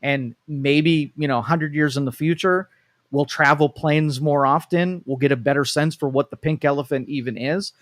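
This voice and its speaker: A man's voice: fairly high pitch, fairly even intonation, moderate pace, fairly bright tone, dry recording. A man co-hosting a live talk show, thinking aloud at length and restarting his sentences as he explains his views. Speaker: co-host. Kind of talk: casual talk show discussion. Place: studio.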